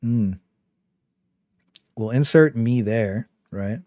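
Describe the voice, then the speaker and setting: A man's voice: medium pitch, very slow, warm tone, dry recording, studio quality. A young man casually chatting on his game livestream, rambling with lots of fillers and a trolling swagger. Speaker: game streamer.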